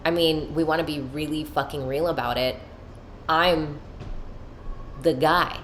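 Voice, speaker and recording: Her voice sits low with fairly even intonation, a little slow and a bit bright, over a faint hiss or hum. This podcast host speaks candidly and emotionally about her inner life, cursing freely and leaning on spiritual self-help vocabulary.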